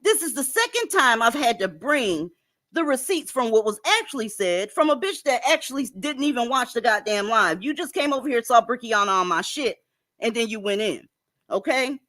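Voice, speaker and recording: A woman's voice: on the high side, lively intonation, moderate pace, a bit bright, no echo, clean studio sound. A woman hosting a profane reaction commentary, talking bluntly and swearing freely as she goes through clips. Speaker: commentary host.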